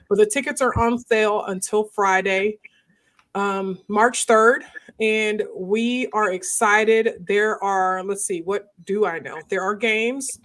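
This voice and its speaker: A woman hosting a casual live-stream chat, animated and quick to laugh, her voice jumping high when she jokes. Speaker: host.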